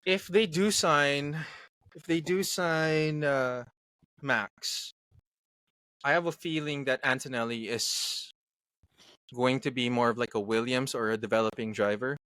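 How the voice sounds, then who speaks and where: A man's voice: medium pitch, steady tone, unhurried, sharp tone, smooth, no room sound. A man from Canada co-hosting a podcast, talking in casual chat in a hesitant way with frequent fillers. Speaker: podcast co-host.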